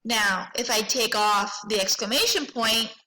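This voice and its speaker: A woman librarian giving a cheerful lesson to children, reading out example sentences slowly and with a teacherly lilt. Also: fairly high pitch, expressive, pushed and bright, low-quality recording. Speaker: school librarian.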